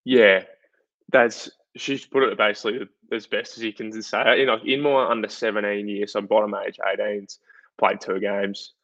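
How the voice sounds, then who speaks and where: A young Australian man tells a story in a loose, chatty way, throwing in lots of fillers as he goes. His voice sits a little low. The recording is dull and lo-fi in a dry, dead room. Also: normal speed, dry recording. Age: young adult. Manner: chatty, filler-heavy, animated retelling. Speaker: guest footballer. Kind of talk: casual interview storytelling. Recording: dull, dry lo-fi podcast audio.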